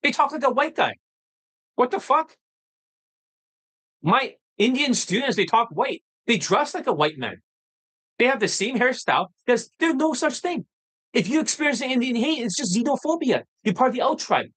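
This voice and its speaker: A man with a very high-pitched, husky voice speaks at normal speed over poor audio. He's hosting a dating-coach livestream, ranting off the cuff in a blunt, profane, combative way. His excitable delivery keeps flaring into heated outbursts.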